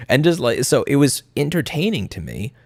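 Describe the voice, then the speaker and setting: A man's voice: mid-range voice, big pitch swings, moderate pace, darkish tone, no echo, clean studio sound. A man chatting casually on a live stream, blunt and profane, slipping into mocking impressions of others. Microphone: studio mic.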